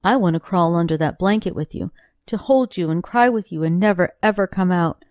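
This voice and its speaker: A woman voicing a weary, grieving young husband in an audiobook, speaking low and tired. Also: expressive, fairly quick, dry recording, studio quality, lightly acted. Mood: quiet grief. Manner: lowered, tired voice, bursts into shouting.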